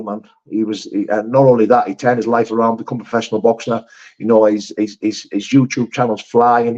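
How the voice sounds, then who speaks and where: A man's voice: mid-range voice, darkish tone. Sweary blokey man, lo-fi. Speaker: livestream host reading chat. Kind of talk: casual live chat. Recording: slightly dull lo-fi stream audio.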